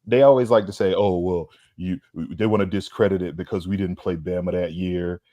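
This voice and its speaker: A man with a low, warm, steady voice speaks fairly quickly, with no echo. He's co-hosting a sports podcast, brashly and emphatically trash-talking rivals in heated banter.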